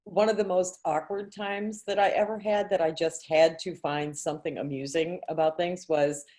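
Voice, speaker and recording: A woman's voice: fairly low pitch, steady tone, normal speed, a little mellow. A woman in a book club group, telling a story with wry, self-mocking humor. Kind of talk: casual group chat.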